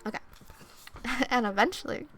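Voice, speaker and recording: A young woman streamer reading oracle cards in a soft-spoken ASMR style, chatty and thinking aloud. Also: a little high, lively intonation, moderate pace, slight background noise.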